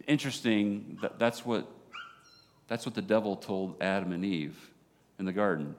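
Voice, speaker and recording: A man with a Southern American accent preaching a sermon as a pastor, animated, dropping low and quiet for emphasis. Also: moderate pace. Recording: long hall reverb.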